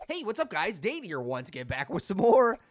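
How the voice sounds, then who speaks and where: A man hosting a let's play video, commenting in a goofy, excitable way and laughing often at his own jokes. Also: sits high, fairly quick. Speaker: gaming video host.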